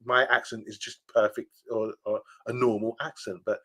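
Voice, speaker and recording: A man's voice: lowish voice, flat delivery, normal speed, bright, forceful tone. A man co-hosting a casual podcast chat, telling rambling stories full of fillers. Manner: chatty storyteller, rambling with fillers. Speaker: podcast co-host.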